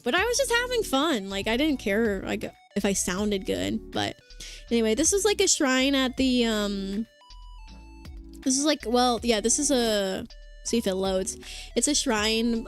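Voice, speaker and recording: A young woman streaming as a vtuber, chatting casually with lots of "like" and "um", her throat sore after hours of talking. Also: fairly high pitch. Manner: rambling, filler-heavy, reads chat aloud. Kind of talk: casual livestream chat. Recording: faint music behind the voice.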